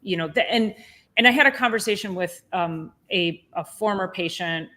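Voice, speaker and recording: A woman chiropractor hosting a podcast, telling a story in an animated, indignant way with lots of restarts. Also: medium pitch, moderate pace. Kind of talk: casual podcast chat.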